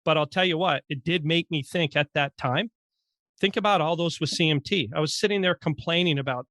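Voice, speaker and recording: A man's voice: on the high side, fairly quick, pushed and bright. A middle-aged man from Vermont co-hosting a podcast with joking, teasing, upbeat banter. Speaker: podcast co-host.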